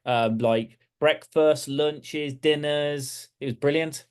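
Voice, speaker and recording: A man's voice: on the high side, steady tone, slow pace, a little mellow, smooth. A man with a Birmingham accent, chatting casually as an interview guest and talking with lots of fillers and restarts. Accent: Birmingham English. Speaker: guest, architecture practice owner.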